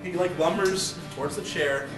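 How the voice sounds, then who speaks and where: A man's voice: high-pitched, normal speed. A young man telling a long stand-up story at an open mic, rambling with many fillers and laughing at his own jokes. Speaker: stand-up comic. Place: coffee shop open mic. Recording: roomy, from far off, music behind.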